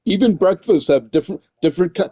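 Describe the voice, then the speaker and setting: A slightly high-voiced man rambles in a loose, profane chat, tossing in "man" and "dude" between thoughts. His tone is mellow and dark rather than bright. The recording is close and dry, with no room sound. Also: animated, fast, husky, dry recording. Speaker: gaming streamer.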